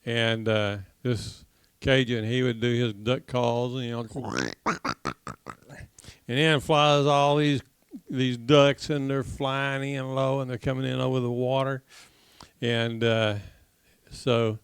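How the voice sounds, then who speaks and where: Slow, gravelly male Bible teacher, folksy joker, resonant tone, dry close sound. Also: medium pitch, flat delivery, no room sound. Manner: jokey storyteller who laughs at his own tale, acts out shots loudly. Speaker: teacher leading a congregation Bible class. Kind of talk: folksy storytelling and prayer.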